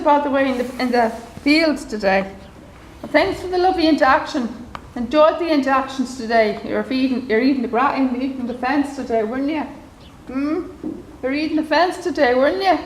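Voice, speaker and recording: Very high-voiced woman cooing at horses. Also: echoey room, slight background noise. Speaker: horse visitor filming a vlog. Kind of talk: casual chat to horses. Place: outdoors by horse paddocks.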